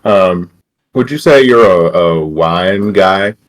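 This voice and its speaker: Very deep-voiced man playing at the table. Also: lively intonation, takes it slowly. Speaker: player. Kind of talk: in-character tabletop play.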